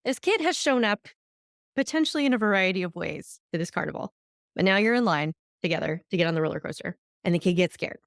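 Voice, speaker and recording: A woman hosting a solo podcast, teaching in an animated way and acting out the voices she quotes. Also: on the low side, fast, no room sound, studio quality. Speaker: podcast host.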